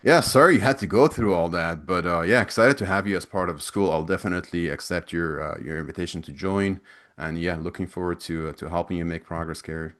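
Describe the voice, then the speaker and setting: Ex-recruiter type, low voice, loose and chatty with restarts, answering questions over a video call. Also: male voice, brisk, fairly bright tone. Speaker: webinar presenter, ex-recruiter. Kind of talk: casual Q&A from chat.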